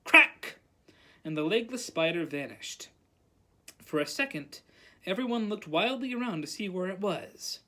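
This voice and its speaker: A librarian reading a novel aloud at storytime, animated and calling out the characters' lines. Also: medium pitch, moderate pace.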